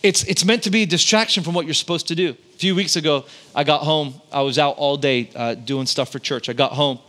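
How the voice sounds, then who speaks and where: A man's voice: a little high, a little fast, fairly bright tone. A man in his thirties, a pastor, preaching a sermon in a conversational storytelling way, building intensity on key points. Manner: conversational storytelling with impressions of family.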